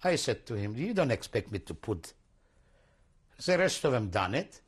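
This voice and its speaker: Older man giving halting testimony. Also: medium pitch, big pitch swings, breathy edge. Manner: halting, searching for words, repeats himself; non-native English, broken grammar. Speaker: interviewee. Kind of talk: oral history testimony.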